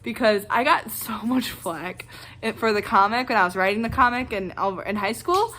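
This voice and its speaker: A young woman vlogger ranting casually and excitedly, rambling with lots of fillers. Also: fairly high pitch, normal speed, soft background music. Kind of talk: casual reaction rant.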